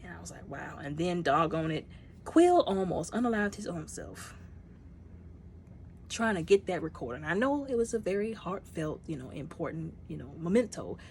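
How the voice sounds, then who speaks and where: Woman vlogger reviewing a film, low voice, animated, acts out the characters' lines. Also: normal speed, slight background noise. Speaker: movie reviewer. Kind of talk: casual spoken movie review.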